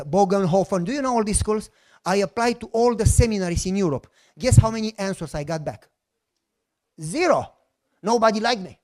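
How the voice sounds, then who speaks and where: A middle-aged man with a Romanian accent, preaching a sermon as a lively, joking storyteller who acts out the dialogue. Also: high voice. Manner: animated, jokey, acts out dialogue. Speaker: pastor.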